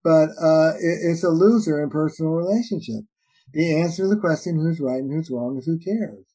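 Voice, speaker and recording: An older man speaking as a therapist, his voice mellow and a little higher than most. He talks animatedly and slips into brief acted-out exchanges. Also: brisk, breathy edge, low-quality recording. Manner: animated, acts out little dialogues with shifting voices. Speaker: relationship therapist and author. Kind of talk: conversational interview answers.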